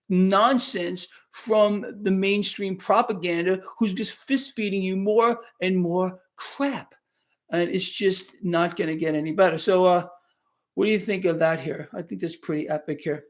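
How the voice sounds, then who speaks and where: A man's voice: sits high, creaky. A man hosting a live market wrap-up stream, talking in an emphatic, sarcastic, conversational way and taking viewers' questions. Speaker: market commentary host. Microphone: new microphone.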